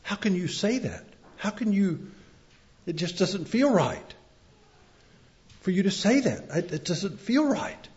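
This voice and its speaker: Animated preacher man, dull lo-fi recording. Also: sits high, a little slow, long pauses. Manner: swings from loud emphatic cries to soft quiet words. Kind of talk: sermon.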